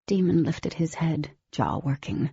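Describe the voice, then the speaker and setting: A woman giving scripted first-person audiobook narration in a steady, even storytelling manner. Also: low-pitched, measured pace, gravelly, breathy edge, dry recording, dull audio.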